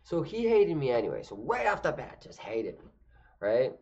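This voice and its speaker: A man's voice: medium pitch, sing-song, normal speed, gravelly, darkish tone. Young man, casual comedic storytelling, rambling, profane, muffled lo-fi audio. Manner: rambling, profane, lots of fillers and restarts. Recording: dull lo-fi recording.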